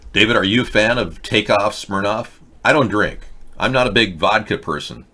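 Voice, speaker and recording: A man hosting an online political commentary show, wry and rambling, with many halting restarts. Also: on the low side, sharp tone. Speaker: host.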